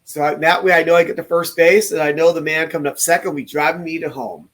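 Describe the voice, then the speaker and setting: A man from California with a somewhat high voice, chatting and joking easily. He co-hosts a casual podcast in a friendly, storytelling way. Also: fairly even intonation, fast, fairly bright tone. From California, USA. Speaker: podcast co-host. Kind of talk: casual chat.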